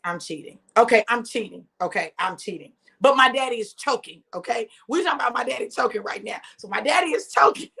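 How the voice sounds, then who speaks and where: A woman in her fifties hosting a live stream, telling a family story in a chatty, animated way and talking straight to her viewers. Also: fairly high pitch. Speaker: host.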